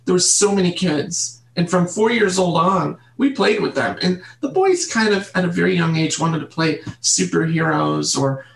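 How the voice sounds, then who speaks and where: A woman guest in an interview, telling her childhood story in an earnest, halting way and repeating words. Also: on the low side, creaky. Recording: roomy echo.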